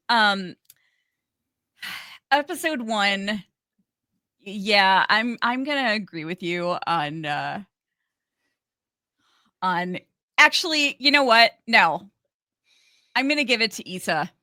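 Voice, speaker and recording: A woman co-hosting a casual podcast, laughing often and speaking in halting bursts with restarts. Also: medium pitch, expressive, bright, forceful tone, no echo, clean studio sound. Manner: giggly, halting, many restarts. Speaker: podcast co-host.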